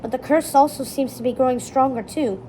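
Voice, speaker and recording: A woman reads a children's chapter book aloud in a steady, expressive way. Her voice is warm and mellow, and it sits fairly high. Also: fairly quick, slight background noise, rough recording. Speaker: storybook reader.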